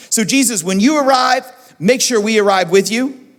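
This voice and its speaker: A pastor preaches to his church, his voice sitting high for a man. He tells the story animatedly, jumping up to act out eager disciples. A long reverb trails from the big room around him. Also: moderate pace. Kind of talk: sermon. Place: church auditorium.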